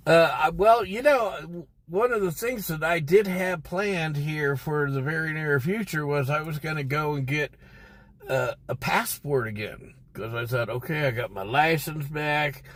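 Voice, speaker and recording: A man's voice: a little high, fairly bright tone. A man telling a rambling, profane story on a casual livestream from inside his car. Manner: profane, rambling and irritated, heavy swearing. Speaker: livestream host.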